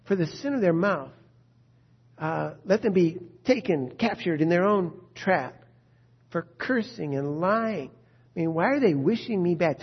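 In a sermon recorded with muffled, lo-fi quality, a husky-voiced man pitched on the high side preaches with fervor. He keeps pressing his audience with rhetorical questions, and an urgent edge never leaves his delivery.

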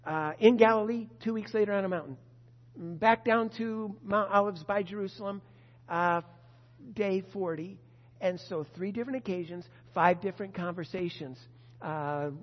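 A pastor preaching a sermon to his congregation, emphatic and expressive. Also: high-pitched. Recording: dull lo-fi sound with long reverb.

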